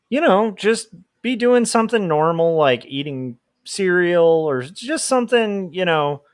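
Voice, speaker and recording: A man's voice: on the high side, no room sound, studio quality. A man chatting casually on a livestream while drawing, rambling and laughing often. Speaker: livestream host, comic artist.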